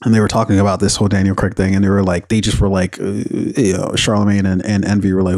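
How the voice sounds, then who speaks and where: A man's voice: sits low, little pitch movement, quick pace, few pauses, darkish tone, dry recording. A man hosting a podcast in casual solo commentary, rambling and profane, with many fillers and bursts of animation. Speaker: podcast host.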